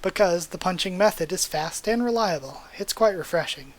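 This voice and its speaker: A manga reader voicing a blunt, rough older male vigilante brawler. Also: medium pitch, lively intonation, normal speed, lightly acted. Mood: gruff. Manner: blunt, rough, self-assured.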